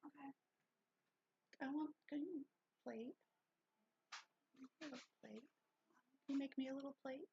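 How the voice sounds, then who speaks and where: Rambling and chatty, this older woman talks back to her livestream chat in a high, slightly slow voice marked by vocal fry, a dark tone, and frequent pauses. The audio is dull lo-fi stream sound with a faint hiss.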